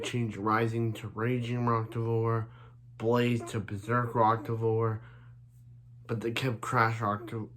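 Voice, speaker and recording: A man's voice: fairly low pitch, a bit bright. A man recapping an anime episode in casual chat, rambling with many restarts and repeated fillers. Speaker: anime reviewer.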